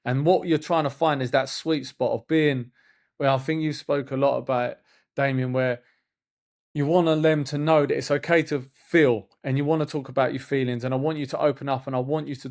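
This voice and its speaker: A man, hosting a casual podcast and telling stories in a rambling, animated way with frequent restarts. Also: mid-range voice. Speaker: podcast host and youth football coach.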